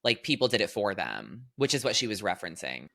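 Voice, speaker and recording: Young woman podcast co-host with a low, bright, swooping voice and a casual, laughing manner. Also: creaky. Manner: animated, quick to laugh, full of "literally" and "like". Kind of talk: casual chat.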